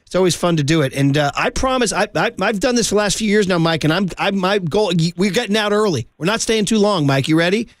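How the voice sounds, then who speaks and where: A man hosting a sports radio show, talking quickly and enthusiastically with lots of laughs. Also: high-pitched, lively intonation, no room sound. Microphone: studio microphone.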